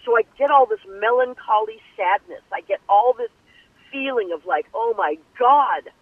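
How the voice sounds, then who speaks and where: An older woman telling her life story in an interview, animated and acting out the voices of the people she quotes. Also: a little high, moderate pace, no echo. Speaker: guest singer. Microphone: telephone. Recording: tinny phone line.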